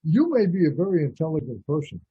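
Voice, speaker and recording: A man's voice: on the high side, sing-song, fast talker, husky, dry recording. A man hosting a radio talk show, talking in a rambling, blunt and opinionated monologue. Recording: dull lo-fi radio audio.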